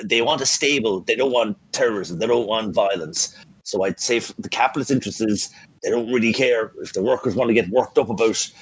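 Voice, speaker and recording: Husky low-voiced man, hedging opinions. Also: dry recording. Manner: thoughtful, hedging, many "you know"s. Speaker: discussion participant. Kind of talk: casual group discussion.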